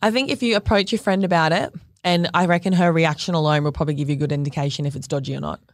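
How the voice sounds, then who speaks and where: A woman's voice: low voice, steady tone, racing, dry recording, studio quality. A woman in her twenties with an Australian accent, co-hosting a podcast in frank, chatty talk full of fillers. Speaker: podcast co-host. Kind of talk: casual chat.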